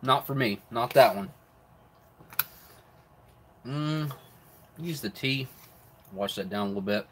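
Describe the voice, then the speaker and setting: A middle-aged man with a relaxed drawl, talking easily between bites and sometimes with his mouth full. His voice sits at a middling pitch, and a faint hiss runs under the recording. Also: slow, pauses often. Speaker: live stream host reviewing military rations. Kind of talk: casual live stream chat while eating.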